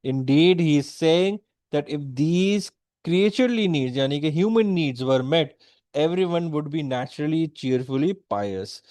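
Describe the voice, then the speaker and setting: A man's voice: fairly high pitch, expressive, moderate pace, darkish tone, no room sound, studio quality. A man with an Indian English accent giving a poetry lecture, mixing in Hindi and often checking in with "okay?". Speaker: literature teacher.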